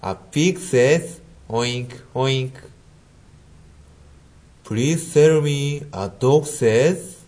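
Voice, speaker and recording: Very slow-speaking male English teacher. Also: fairly high pitch, animated, dark tone. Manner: slow, clear, patient, imitates animal sounds. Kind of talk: simple English lesson for young learners.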